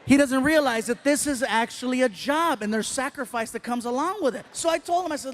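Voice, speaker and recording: A Mexican American man doing stand-up on stage, telling stories with animated acted-out dialogue. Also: very high voice, brisk, few pauses. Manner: animated, acts out dialogue with voices. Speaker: stand-up comedian. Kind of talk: stand-up storytelling. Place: comedy stage before live audience.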